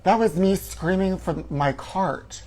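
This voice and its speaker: A man's voice: sits high, takes it slowly, soft background music, low-quality recording. Flamboyant campy man telling a story. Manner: flamboyant, theatrical, calls listeners honey, bursts into shouted quotes. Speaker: comedy show host.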